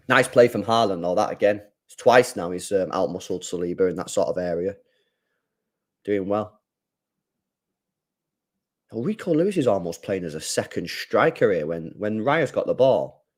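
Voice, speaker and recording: A young man giving live, slangy reaction commentary on a football match. He drifts between low mumbling and loud, sweary outbursts. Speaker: football watchalong streamer.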